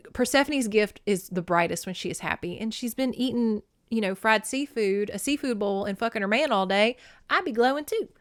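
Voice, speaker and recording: A woman's voice: mid-range voice, no room sound, clean studio sound. A woman hosting a podcast, recapping a novel in a chatty, irreverent way. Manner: chatty, irreverent, laughs often. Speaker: podcast host. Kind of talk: casual book recap.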